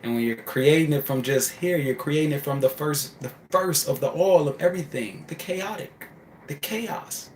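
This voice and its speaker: A man delivering a spiritual preaching monologue, repeating phrases emphatically and swinging from loud outbursts to hushed asides. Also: on the high side, moderate pace, slight background noise. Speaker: spiritual speaker. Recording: echoey room with faint ambience.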